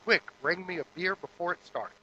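A man's voice: sits high, bright, forceful tone, dull audio, a little hiss or hum. A man voicing an impatient husband who demands beer from his wife in a parable. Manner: hurried, demanding.

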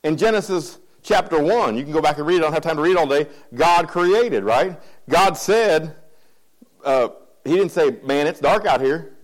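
A man's voice: a little high, lively intonation, normal speed, low-quality recording. A male pastor giving a conversational sermon, often repeating phrases and asking the congregation if they follow him. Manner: keeps checking in with the congregation.

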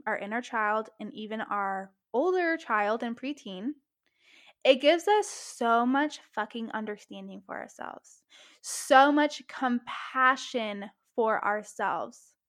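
Animated high-voiced woman swearing casually. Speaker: podcast host. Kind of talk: casual self-help monologue.

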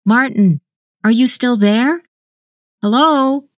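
A woman reading the lines of a gentle, apologetic older brother speaking over the phone. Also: a little high, takes it slowly, dry recording, clean studio sound, voice pushed up.

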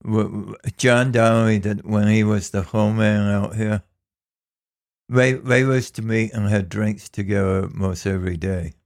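A man with a somewhat low voice recalls old times in short, plain statements. His delivery is matter-of-fact and unhurried. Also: steady tone, creaky. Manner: brief, matter-of-fact recollections. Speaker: longtime resident guest. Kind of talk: casual reminiscing conversation.

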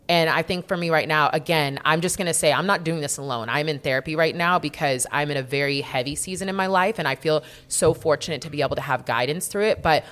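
A woman with a notably low-pitched voice speaks frankly in a relaxed, casual conversation. She is a young adult who swears freely and stresses points by repeating words.

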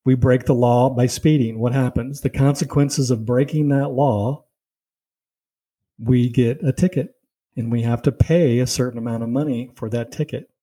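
Poor audio carries a man's medium-pitched, dark voice as he teaches from the Bible. He keeps it conversational, tells stories from his own life, and presses his points with "see" and "you know."

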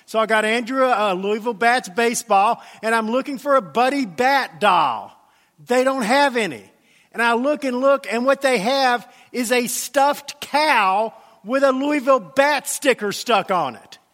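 Bright-voiced pastor in an echoing church. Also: male voice, extremely high pitch, a little slow. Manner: humorous, acts out voices in anecdotes. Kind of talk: sermon with storytelling. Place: church sanctuary.

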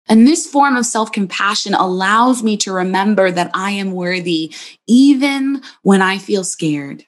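A woman hosting her own podcast, speaking in a gentle, soothing, reflective monologue. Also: mid-range voice, lively intonation, unhurried. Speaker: podcast host and psychologist.

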